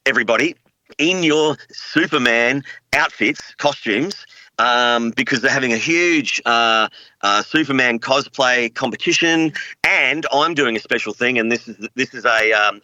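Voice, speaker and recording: A man's voice: mid-range voice, unhurried, bright, forceful tone, no room sound, muffled recording. A middle-aged Australian man, a voice actor guest, talking earnestly in a rambling, filler-heavy way. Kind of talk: casual interview chat.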